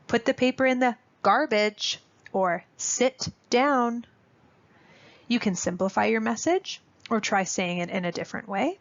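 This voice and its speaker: A woman presenting a parenting webinar on child language, in clear, instructive scripted narration aimed at parents. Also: medium pitch. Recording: dull lo-fi audio.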